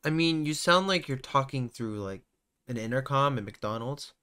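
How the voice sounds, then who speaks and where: A man's voice: mid-range voice, expressive, a crowd in the background. A man co-hosting a casual group podcast, arguing his points and teasing the others. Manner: joking, argumentative, quick to tease. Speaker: podcast co-host.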